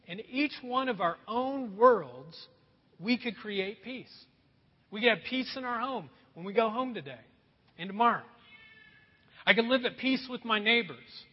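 Animated male pastor preaching in a hall. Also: high-pitched. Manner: animated, acts out voices for laughs. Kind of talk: sermon. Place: church sanctuary. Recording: echoey hall, dull sound.

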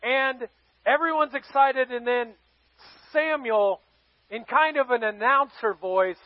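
Man, pastor, sermon, playful storytelling, slow delivery, dull lo-fi recording. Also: very high-pitched, no room sound.

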